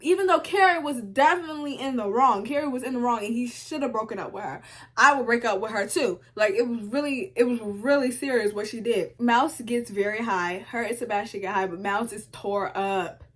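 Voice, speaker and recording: A young woman recapping a TV show in casual commentary, sassy and animated, talking back to the characters. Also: a little high, fairly quick. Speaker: video essay host.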